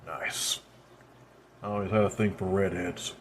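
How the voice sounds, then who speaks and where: A man's voice: low-pitched, steady tone, unhurried, slight background noise, voice pushed down. A man playing a blunt, weary detective. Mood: gruff. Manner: gruff, blunt, cursing.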